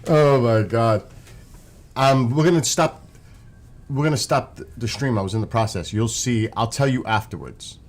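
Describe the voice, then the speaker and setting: A man's voice: mid-range voice, moderate pace. A man with a New York accent, chatting casually and rambling to his viewers on a live stream.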